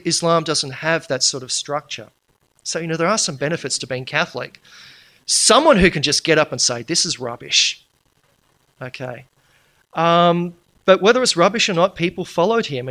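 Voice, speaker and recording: A man addresses a live audience in a lecture. His voice sits a little high and rings bright and forceful. He drives his points home emphatically and slips in dry, humorous asides. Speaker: public speaker.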